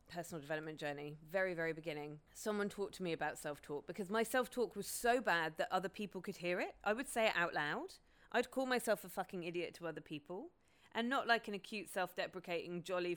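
A woman's voice: fairly low pitch, a bit bright, clear, resonant tone. A woman, hosting a podcast in a candid, casual, sweary monologue. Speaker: podcast host.

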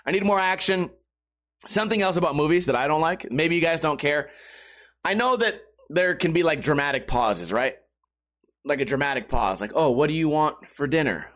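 A man's voice: fairly high pitch, normal speed. A man ranting casually to his viewers, swearing often and rambling with restarts. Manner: profane, animated, rambling with restarts. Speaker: talker addressing viewers.

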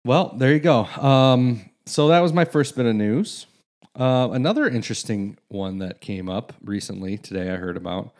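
A man's voice: mid-range voice, moderate pace, a little mellow. A man around forty co-hosting a casual chat, rambling along and reading facts aloud. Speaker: podcast co-host.

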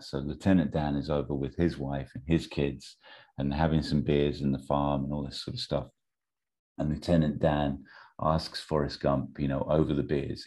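Very deep-voiced man rambling. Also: dark tone. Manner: rambling, many ums and restarts, amused. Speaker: storyteller pitching a film plot. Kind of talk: casual chat.

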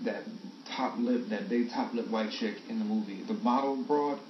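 A man co-hosting a casual podcast, animated and profane, laughing often and jumping into a high exaggerated voice. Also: moderate pace, a little hiss or hum. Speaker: podcast co-host. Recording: roomy, distant, dull low-fi sound with faint ambience.

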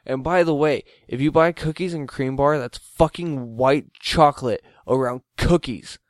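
A man co-hosts a late-night podcast in loose, profane banter, laughing as he rambles through stories. His voice is mid-pitched and recorded dry and close, with no room sound around it. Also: measured pace, no echo. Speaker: podcast co-host.

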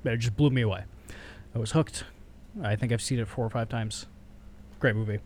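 A man's voice: mid-range voice, normal speed, slight background noise. A young man co-hosting a casual podcast chat, telling movie stories with lots of energy, acting out scenes and swearing casually. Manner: animated storyteller, acts out scenes in voices, swears casually. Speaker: podcast co-host.

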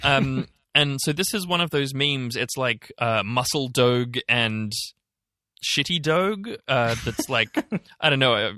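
A man's voice: mid-range voice, animated, slow, bright, forceful tone, dry recording, clean studio sound. A man co-hosting a podcast, chatting casually with lots of fillers, restarts and swearing. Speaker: podcast co-host. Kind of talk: casual political chat.

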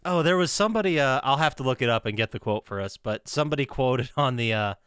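A man hosting a casual podcast about a video game, leading the talk in an animated way and swearing freely. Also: medium pitch, fast, clean tone, dry recording, studio quality. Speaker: podcast host.

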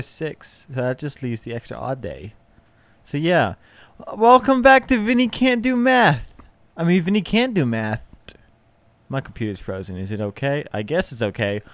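A man's voice: medium pitch, no echo. Rambling young man with a dry podcast voice. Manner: rambling, self-deprecating, lots of fillers and restarts. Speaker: podcast host. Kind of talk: casual solo podcast chat.

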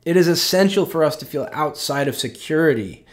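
A male pastor giving a conversational, openly emotional sermon, often checking in with "right?" and slowing down on tender points. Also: on the high side, animated. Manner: earnest and personal, with frequent "right?" asides.

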